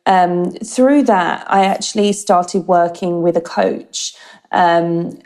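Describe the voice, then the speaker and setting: A woman's voice: fairly low pitch, mellow. Chatty English woman on a video call. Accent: English, slight Australian lilt. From United Kingdom. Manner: chatty, many fillers like um and yeah. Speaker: guest, marketing director. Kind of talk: casual interview chat.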